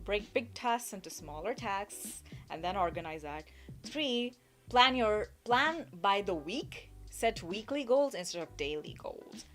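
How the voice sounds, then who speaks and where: A woman streamer talks casually into a desk mic, rambling through advice and poking fun at herself. Her voice sits at a middle pitch. Faint background music plays under her. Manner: chatty, rambling, self-mocking, reads chat aloud. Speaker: virtual streamer giving advice. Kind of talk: casual live-stream chat.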